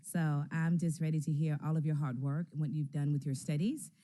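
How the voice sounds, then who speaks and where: A woman council member giving warm, encouraging welcoming remarks to visiting students. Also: low-pitched, fairly even intonation, brisk. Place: council chamber.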